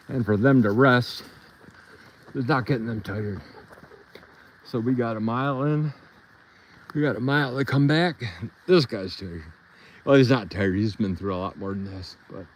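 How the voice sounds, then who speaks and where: A man's voice: medium pitch, poor audio. A man telling a rambling story in a casual live stream while walking his dogs on a trail outdoors, a bit out of breath.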